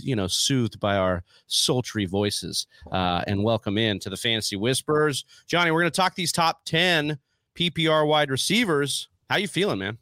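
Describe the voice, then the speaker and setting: Man, podcast co-host, chatty, upbeat, mid pitch, dry close mic. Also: a bit bright, no room sound. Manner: upbeat, chatty, hype-building. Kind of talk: casual fantasy football podcast talk.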